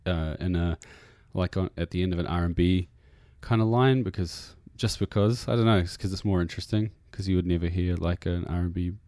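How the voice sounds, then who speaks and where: New zealand man, very low voice, rambling with fillers, dry studio sound. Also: a little fast, few pauses, a little mellow, no room sound. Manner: rambling, many fillers and restarts. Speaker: musician guest. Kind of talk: casual interview chat. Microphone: radio studio mic.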